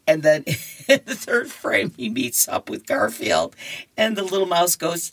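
Low-voiced woman reader, slow and chatty, radio reading show. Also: animated. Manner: chatty, with giggles and restarts. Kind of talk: reading horoscopes and comics on radio.

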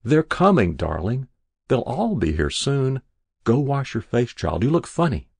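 Guy voicing a cranky old granny in bed, scolding, gravelly, bouncy pitch. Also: sing-song, a little slow, a little mellow, no room sound, exaggerated voice. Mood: testy. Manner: querulous, scolding. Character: dying old woman, stubborn and sharp-tongued. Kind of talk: audiobook reading.

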